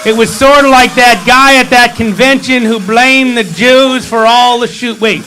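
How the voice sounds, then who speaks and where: A man's voice: extremely high pitch, steady tone, a little slow, bright, forceful tone, slight background noise, rough recording. A man leading a congregation, retelling a scripture story in a playful, joking way full of wry asides. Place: synagogue hall.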